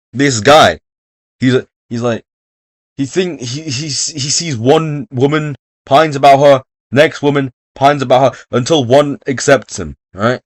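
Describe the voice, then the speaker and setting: A young man runs through exam revision in a loose, rambling way, swearing and joking as he goes. His voice sits at a middling pitch, and the recording is dry and close. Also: dry recording. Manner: rambling, profane, jokey. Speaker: revision video host. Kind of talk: casual exam revision talk.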